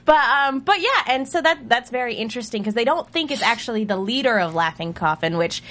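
A woman hosting a casual podcast, recapping an episode in a chatty, animated way and often breaking into laughter. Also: fairly high pitch, brisk. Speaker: podcast host.

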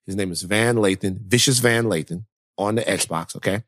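Recorded cleanly in a studio with no room sound, a male podcast co-host with a lowish voice talks at normal speed. In casual chat, he tells an animated story, performing the quotes of those involved.

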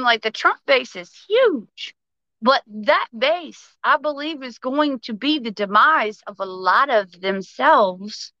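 A woman with a bright, sharp, fairly high voice delivers a heated political rant, swearing freely and pushing hard. The sound is dry and a little dull, like lo-fi podcast audio. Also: dry recording. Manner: passionate, profane, fast-flowing. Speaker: podcast guest.

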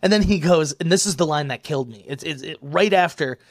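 An excitable young man rambles through a casual podcast chat, stacking up fillers and breaking into laughs. His voice sits a little high for a man. The sound is close and dry, with no room around it. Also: fairly quick, no echo. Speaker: podcast co-host.

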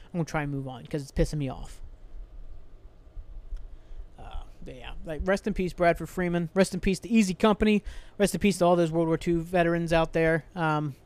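Brisk and a little mellow, the young male host's voice sits on the high side. Alone on his podcast, he vents in a profane, rambling rant, sighing often and starting his sentences over.

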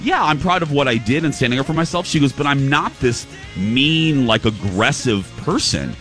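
A man hosting a show in casual chat, telling a story with quick restarts and quoting what others said. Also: medium pitch, animated, a bit bright, soft background music. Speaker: show host.

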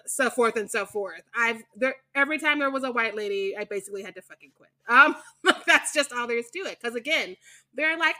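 A young woman co-hosting a podcast, with a high, bright voice. She talks bluntly and with animation and swears freely in casual chat. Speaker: podcast co-host.

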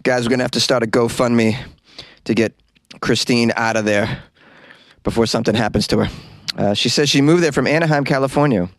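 A man's voice: mid-range voice, a little fast. A man hosts a comic weird-news podcast, drifting between reading stories and loose, joking chatter. He is recorded in a small closet, so the sound is close and completely dry with no room echo. His voice sits in an ordinary middle register. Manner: jokey, rambling, puts on silly voices for quotes. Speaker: podcast host and comedian.

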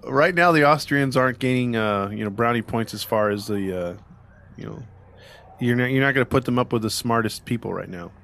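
A man's voice: mid-range voice, a little fast, vocal fry, fairly bright tone. Rambling, sarcastic podcast host man. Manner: rambling, frequent "you know" fillers and restarts. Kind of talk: casual true-crime storytelling chat.

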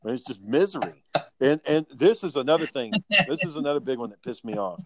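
A man telling work stories in casual chat, animated and profane, acting out the people he quotes. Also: on the high side, a little fast.

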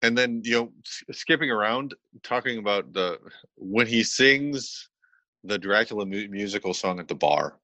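A man co-hosting a podcast in casual chat. He talks in a relaxed way, with hesitant fillers, and laughs along. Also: fairly low pitch, normal speed, no room sound. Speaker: podcast co-host.

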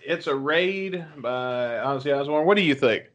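A man's voice: medium pitch, expressive, moderate pace, muffled recording. Laid-back man making wry short remarks. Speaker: co-host reacting to a music video. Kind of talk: casual reaction chat.

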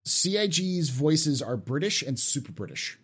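A man's voice: on the high side, sing-song, moderate pace, a bit bright, slightly rough. A man hosting a casual podcast chat, reading out viewer questions and restarting his sentences often. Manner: restarts often, loose and conversational.

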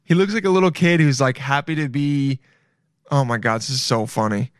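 A man's voice: medium pitch, fairly quick, clear, resonant tone, no echo, studio quality. A man hosting a podcast, riffing in casual comedic commentary, rambling, swearing and calling the listeners "dude". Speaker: podcast host.

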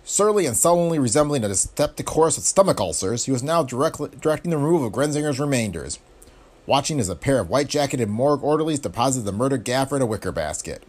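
A man narrating a hardboiled pulp detective story in a wry, brisk first-person delivery full of tough-guy slang. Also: medium pitch, big pitch swings. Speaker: audiobook narrator.

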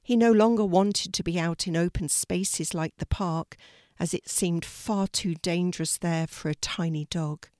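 An older woman narrating a children's story in a gentle, slow, soothing reading style. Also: on the low side, fairly even intonation, no room sound, clean studio sound.

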